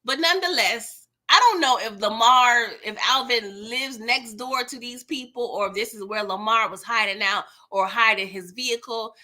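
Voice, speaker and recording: Bright, chatty woman on a live recap. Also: a little high, moderate pace, hardly any pauses. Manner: chatty and expressive, slangy, often laughing. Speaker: host of a live TV recap stream. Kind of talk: casual live recap, reading viewer chat.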